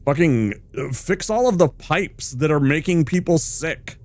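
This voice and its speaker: A man's voice: a little high, lively intonation, measured pace. A male streamer ranting hard with heavy swearing while he plays a game. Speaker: gaming streamer.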